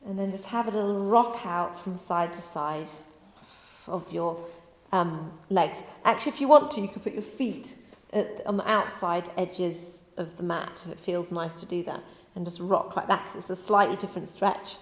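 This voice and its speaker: Gentle woman guiding yoga in an echoey room. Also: fairly low pitch, moderate pace. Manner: gentle, chatty, rambling cues. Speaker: yoga teacher. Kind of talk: guided yoga instruction. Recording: echoey room with long reverb.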